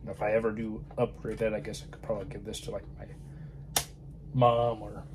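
A man's voice: fairly low pitch, flat delivery, brisk, background noise. A man chatting casually about films, rambling and often trailing off to a murmur. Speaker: film vlogger. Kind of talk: casual film chat.

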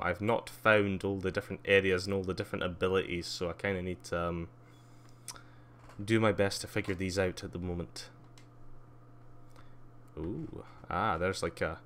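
A man giving live gameplay commentary, excitable, squealing at jumps, laughing often and chatting with viewers. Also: low-pitched. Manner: excitable, squeals gleefully at jumps and mocks himself; chats with viewers while playing, laughs often. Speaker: streamer playing a video game.

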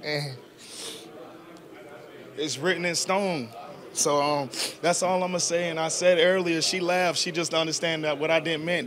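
A man's voice: fairly high pitch, fairly even intonation, measured pace, pauses often, fairly bright tone. A young man, a football player answering press questions in an earnest, casual, slangy way. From South Georgia, US. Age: 20s.

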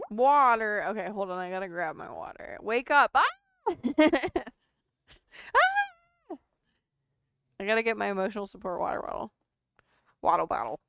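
A woman's voice: medium pitch, creaky, a bit bright, a little hiss or hum. A woman chatting casually on a sewing livestream, laughing often and reading chat aloud.

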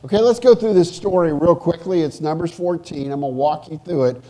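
A pastor preaching a sermon in church, animated, swinging from loud emphasis to hushed asides. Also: male voice, fairly high pitch, brisk. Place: church sanctuary.

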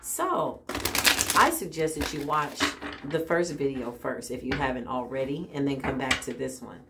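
A woman doing a casual spiritual tarot reading, animated and exclaiming often, with frequent laughs. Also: rumbling low, moderate pace, very noisy. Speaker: tarot reader.

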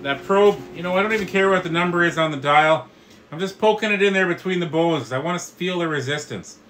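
A man's voice: high voice, pushed and bright, poor audio. A middle-aged man hosting a live cooking tutorial, explaining each step in a friendly way and calling his viewers guys. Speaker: barbecue instructor and host.

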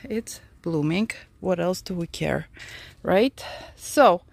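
This orchid grower and channel host gives a chatty garden tour vlog outdoors among her orchids, breathless in the heat as she speaks to plants and viewers. Her voice sits on the low side, expressive and slow with vocal fry, in a dry recording.

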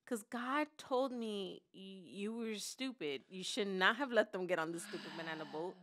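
A woman's voice: medium pitch, normal speed, a bit bright. A woman co-hosting a podcast, telling a story dramatically, acting out other people's voices and laughing as she goes. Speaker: podcast co-host. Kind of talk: animated storytelling chat.

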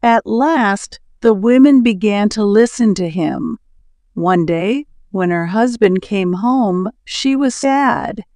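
A woman slowly reading a simple storybook tale aloud for English learners, pronouncing each word carefully. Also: medium pitch, animated, darkish tone, no echo, studio quality.

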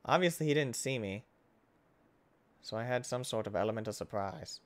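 A man hosting his gaming channel, giving casual let's-play commentary, excitable and swinging between loud outbursts and hushed muttering. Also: mid-range voice, normal speed.

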